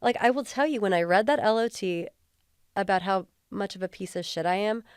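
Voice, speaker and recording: On a close podcast mic with no echo, a woman who used to be a police officer talks as an interview guest, heartfelt and candid, full of casual fillers. Her mid-range voice is brisk, clear and resonant.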